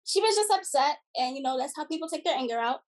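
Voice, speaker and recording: A young woman with a high, light voice tells a story in casual podcast chat. She restarts her sentences often and breaks into laughter between them. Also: lively intonation, fast. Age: 20s. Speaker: podcast guest.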